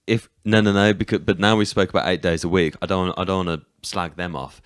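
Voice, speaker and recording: British male co-host, very low smooth voice, steers the chat, dry close mic. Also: steady tone, a little fast, dry recording. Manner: explains at length, steers the conversation. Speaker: podcast co-host. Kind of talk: casual chat.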